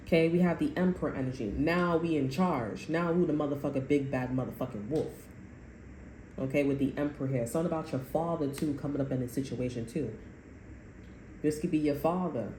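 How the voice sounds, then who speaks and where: A woman with a low, mellow voice gives a casual tarot reading. She talks bluntly, swears freely and circles back over her points. Her voice carries a roomy echo over faint background noise. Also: fairly quick. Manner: blunt and profane, rambling, repeats itself. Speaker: tarot reader.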